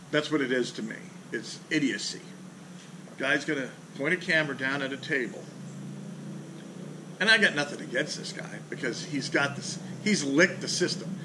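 A man, a fishing charter captain, ranting bluntly and profanely in a casual vlog, sitting outdoors under a carport. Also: fairly high pitch. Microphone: camera mounted on the back of a boat. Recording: outdoor camera audio with clear ambient noise.

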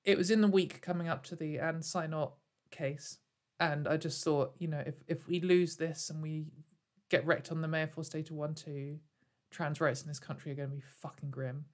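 A young woman YouTuber with a low-pitched, steady voice speaks at normal speed to a camera in her home. She offers loose, sarcastic commentary, rambling through it with plenty of fillers and laughing frequently.

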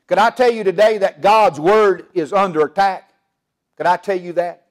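Man, pastor, high voice, fiery sermon, rhetorical questions to the congregation. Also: normal speed. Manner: preaching with swelling emphasis and call-and-response questions. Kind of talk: fiery Southern Baptist sermon. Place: church sanctuary.

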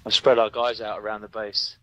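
A man's voice: fairly low pitch, little pitch movement, fairly quick, bright, forceful tone, low-quality recording. A man streaming a military game, chatting casually and thinking aloud as he plays. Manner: rambling, thinks aloud while playing. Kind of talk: casual gaming commentary.

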